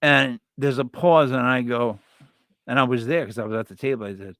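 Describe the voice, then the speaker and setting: A man hosting a live stream, chatting casually and telling stories with lots of restarts and sudden loud yells. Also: medium pitch, fairly quick, no echo, studio quality. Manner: rambling storyteller with many restarts, bursts into loud yells. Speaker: livestream host.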